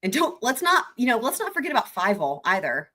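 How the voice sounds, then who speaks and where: A woman's voice: on the high side, big pitch swings, brisk, bright, forceful tone. A woman hosting a livestream, giggly and profane as she rambles in casual commentary. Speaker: livestream host. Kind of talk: casual commentary on trial clips.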